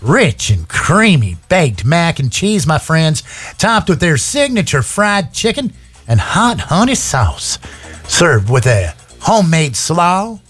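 A radio host putting on an exaggerated folksy Southern drawl to read a local ad. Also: male voice, a little high, big pitch swings, takes it slowly, a bit bright, slightly rough, soft background music, exaggerated voice. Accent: put-on Southern US. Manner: hammy, sing-song, folksy.

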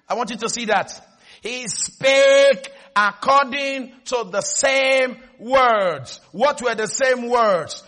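A male preacher giving an animated sermon, calling for congregation responses and shouting at peaks. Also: extremely high pitch, a little slow.

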